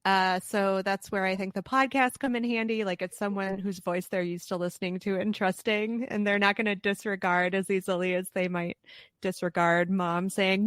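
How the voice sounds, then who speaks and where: A woman's voice: medium pitch, fairly even intonation, normal speed, fairly bright tone, clear, resonant tone, no room sound, studio quality. Earnest woman podcast guest. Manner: earnest, protective, thoughtful. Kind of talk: casual podcast chat.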